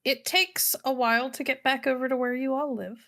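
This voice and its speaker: A woman narrating a tabletop role-playing game as storyteller, in a relaxed, filler-heavy way. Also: high voice, brisk.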